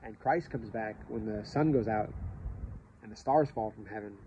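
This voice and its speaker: A man's voice: fairly low pitch, normal speed. Rambling man musing on prophecy. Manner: animated, rambling, swings between loud and hushed. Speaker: show host. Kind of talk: casual religious talk. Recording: slightly dull lo-fi audio with faint hiss.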